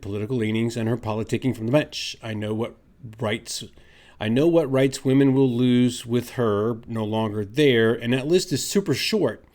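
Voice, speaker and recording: A man's voice: medium pitch, a little mellow. A man giving an opinion commentary vlog, sarcastic and argumentative, ranting emphatically. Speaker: vlogger.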